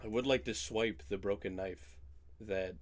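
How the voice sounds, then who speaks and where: A man's voice: lowish voice, steady tone, measured pace, background noise. A man playing a tabletop game, joking around with the group. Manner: playful, joking. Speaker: player.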